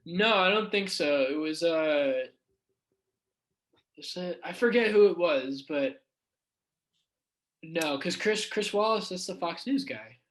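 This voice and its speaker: A man's voice: on the high side, expressive, takes it slowly, pauses often, a bit bright. A young man guest on a casual podcast, telling a story in a loose, rambling way with lots of "like" and some swearing. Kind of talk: casual comedy chat.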